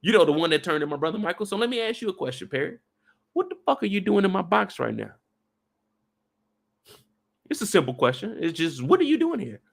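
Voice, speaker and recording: A man's voice: sits high, big pitch swings, fairly quick, creaky, long pauses, heavily acted. A man re-enacting a furious female rebel leader who grills an underling, swearing and repeating herself in a mock interrogation. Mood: furious, interrogating. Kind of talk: comedic re-enactment in a review.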